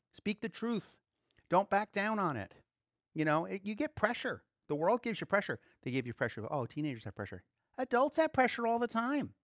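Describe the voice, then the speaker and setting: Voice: medium pitch, no room sound, studio quality. A pastor giving an informal, conversational sermon, acting out quotes and small voices and chuckling now and then. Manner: animated, acts out little voices and quotes.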